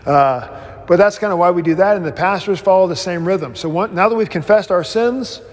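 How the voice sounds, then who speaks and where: Male pastor, informal class teacher, restless restarts, animated storyteller, slightly high voice. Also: moderate pace, big-room sound. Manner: self-deprecating humor.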